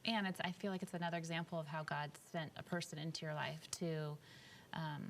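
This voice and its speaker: A woman interviewing a guest, replying softly and reflecting back what he shared. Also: sits low, fairly even intonation, a little fast, a little hiss or hum. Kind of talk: casual interview.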